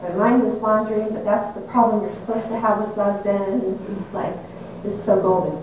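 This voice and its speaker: An older woman tells a personal story in a reflective, candid way, often laughing at herself. Her mid-range voice has fairly even intonation and runs a little fast, picked up by a distant mic in an echoey room with a noisy background.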